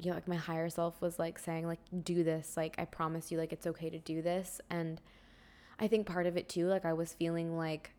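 A young woman hosting her own podcast, musing in a rambling, reflective way with many fillers and soft trailing phrases. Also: fairly low pitch. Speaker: podcast host. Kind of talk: casual solo podcast chat.

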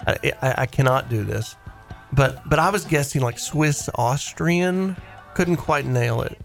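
A man hosting a weekend radio show, telling stories in a chatty, animated way and laughing easily. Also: medium pitch, a little slow, creaky, soft background music. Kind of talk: casual on-air storytelling.

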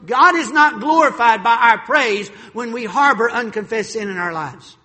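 A male pastor preaching a sermon in a church sanctuary, animated, repeating words as he builds a point. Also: extremely high pitch, normal speed, big-room sound.

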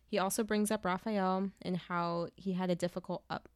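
A woman co-hosting a book podcast, summarizing the plot in casual chat, emphatic and quick to swear and laugh. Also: fairly low pitch, steady tone, dry recording, studio quality.

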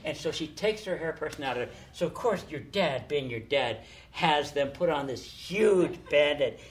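Animated older man telling stories. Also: on the high side, normal speed, noisy background. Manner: animated storyteller, acts out quotes. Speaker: storyteller guest. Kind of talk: casual anecdotes.

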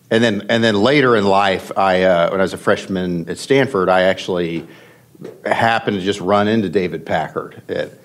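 A middle-aged man with a somewhat low voice speaks as a podcast guest. He tells his stories in a halting, emotional way and often restarts his sentences. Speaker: podcast guest, venture investor. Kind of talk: storytelling in conversation.

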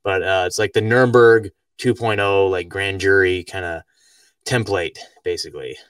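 A man's voice: deep voice, steady tone, normal speed, fairly bright tone, clean tone, no room sound. A man hosting a podcast in casual conversation, rambling with lots of filler words and easy laughter. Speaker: podcast host. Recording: dry, distant from the mic.

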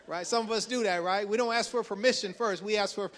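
A man's voice: high voice, normal speed, fairly bright tone. A male pastor preaching a sermon, retelling a story with acted-out voices and frequent chuckles.

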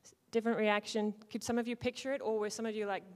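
A woman leading an interactive teaching talk to a church group, playful, swinging between loud and hushed and acting out lines. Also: a little high, little pitch movement, quick pace. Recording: long hall reverb.

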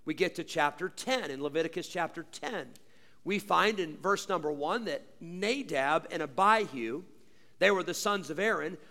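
A male pastor preaching a sermon, pressing points with rhetorical questions and repetition, swinging between loud drawn-out emphasis and low quiet asides. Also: expressive, long reverb tail.

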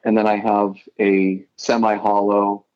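A man's voice: on the low side, monotone, measured pace, darkish tone, clean tone, dull audio. A middle-aged man from Idaho, a guitarist guest, telling rambling stories in a casual interview and often correcting himself.

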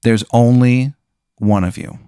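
A man's voice: medium pitch, fairly even intonation, unhurried, mellow, smooth, no echo, studio quality. A young man hosting a podcast, casually telling an improvised crude story with lots of fillers. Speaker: podcast host.

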